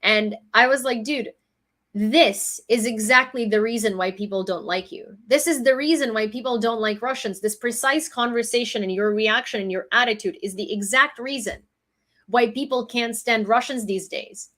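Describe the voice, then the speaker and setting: A woman's voice: on the high side, normal speed, a bit bright. A woman reading news summaries and breaking into exasperated commentary, from Ukraine. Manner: reads headlines, then rants with exasperation. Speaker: news vlogger.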